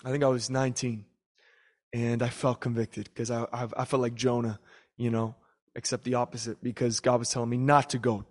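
A man's voice: mid-range voice, little pitch movement, a little fast. A young man preaching a sermon, telling a personal story and acting out the voices of people in it. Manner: storytelling, acts out voices in prayers and quotes.

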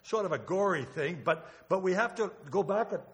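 A man's voice: sits high, expressive, moderate pace. Older man preaching in an echoey church. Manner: emotional, rambling with restarts. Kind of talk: sermon. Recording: long hall reverb.

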